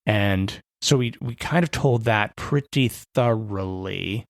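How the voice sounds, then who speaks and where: Gravelly man co-hosting a podcast. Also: on the low side, slow, no room sound, clean studio sound. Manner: rambling, self-correcting, wry. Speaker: podcast co-host. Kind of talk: casual chat.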